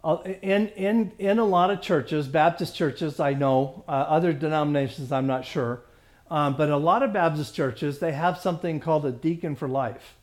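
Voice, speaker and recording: A man with a slightly high voice teaches a Bible study class, reading scripture slowly. He stumbles over words, repeats himself, and often clears his throat.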